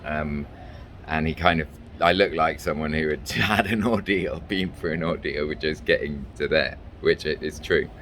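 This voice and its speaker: A man's voice: extremely low pitch, normal speed, a bit bright, a little hiss or hum. A man from England, telling a meandering travel story with lots of ums and restarts. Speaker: vlogger and fairy maker. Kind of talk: rambling travel anecdote. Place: small hotel room.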